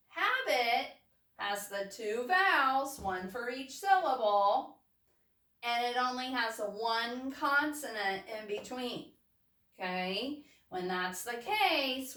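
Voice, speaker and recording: Lady teacher talking real slow to little kids, kinda high voice, echoey room, mic a bit far off. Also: a bit bright. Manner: slow, patient, checks in with "okay?" often. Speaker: first grade teacher. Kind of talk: recorded phonics lesson for young children. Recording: roomy, mic at a distance.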